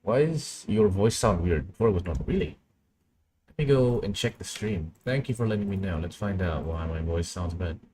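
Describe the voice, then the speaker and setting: Low-voiced young man muttering through a live stream. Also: animated, normal speed, noisy background. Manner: muttering, thinking aloud while working. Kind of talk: casual live-stream commentary.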